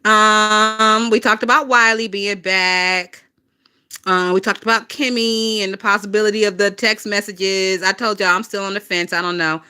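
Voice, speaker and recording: Bright, gossipy Southern woman in her twenties. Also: mid-range voice, steady tone, normal speed, clean tone. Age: 20s. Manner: profane, gossipy, laughs often. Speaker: livestream gossip host. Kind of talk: casual livestream chat. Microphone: phone.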